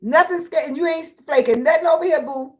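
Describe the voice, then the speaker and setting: High-pitched brash woman laughing through chat. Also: fairly quick, a little mellow. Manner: brash, laughing, trash-talking. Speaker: livestream host reading chat. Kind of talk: casual livestream chat.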